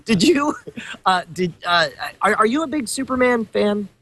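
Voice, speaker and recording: With a high voice and lively intonation, a man co-hosting a podcast keeps up an enthusiastic casual chat, doubling up words for emphasis. He speaks at a moderate pace in a fairly bright tone.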